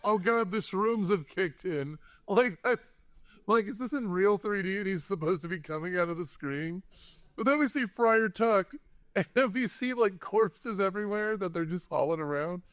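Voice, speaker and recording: A man co-hosting a movie podcast, recapping scenes in a rambling, joking, animated way. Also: high-pitched, normal speed, no room sound. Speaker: podcast co-host. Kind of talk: casual movie-review chat.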